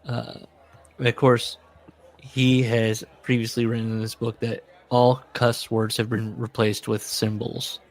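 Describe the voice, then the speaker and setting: A man's voice: mid-range voice, little pitch movement, a little slow. A man co-hosting a podcast, casually reading book passages aloud with sarcastic commentary. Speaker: podcast co-host.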